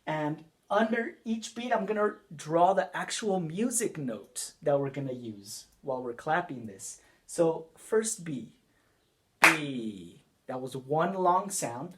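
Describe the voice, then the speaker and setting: A man's voice: on the high side, animated, slow. A man teaching a children's music lesson, patiently repeating each step and asking the class questions as he goes.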